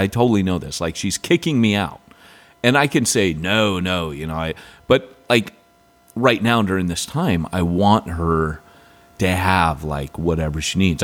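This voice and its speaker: Low-voiced man telling a lively story. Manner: animated storyteller, raises pitch when quoting his wife; rambling, many restarts. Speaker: podcast co-host. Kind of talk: casual chat.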